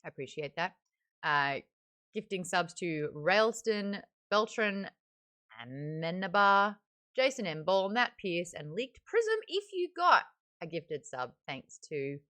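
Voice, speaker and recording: A woman's voice: lowish voice, big pitch swings, slow, fairly bright tone. Chatty Australian woman streaming live. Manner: chatty, reads viewer comments aloud, breaks into laughter. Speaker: livestream book club host. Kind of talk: casual live-stream chat. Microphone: desk microphone beside a webcam.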